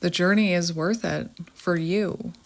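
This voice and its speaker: Gentle Canadian woman reading tarot. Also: lowish voice, steady tone, a little slow, gravelly. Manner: gentle, reflective, meandering with fillers. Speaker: tarot reader. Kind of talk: spiritual tarot reading monologue.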